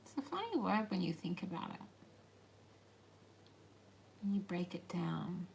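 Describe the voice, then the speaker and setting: Soft-spoken woman with a creaky voice. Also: lowish voice, big pitch swings, slight background noise, low-quality recording. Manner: halting and meandering, with murmured asides. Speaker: channeler. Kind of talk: spoken channeled messages.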